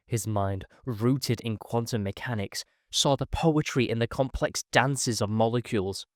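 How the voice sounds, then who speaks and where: A man reading a first-person science fiction story in a measured, dramatic storytelling manner. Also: mid-range voice, no echo, studio quality. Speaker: narrator. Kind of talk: scripted first-person sci-fi narration.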